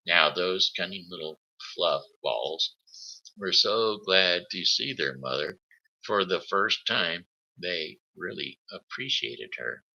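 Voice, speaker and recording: A man reading a children's story aloud on his live show, halting, with slips and restarts. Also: sits low, creaky, pushed and bright, muffled recording. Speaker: host.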